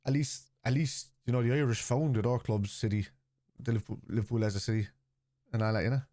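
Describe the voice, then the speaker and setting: A man's voice: medium pitch, steady tone, brisk, dark tone, no echo, studio quality. A man hosting a live football watchalong, chatting casually and answering viewers' comments.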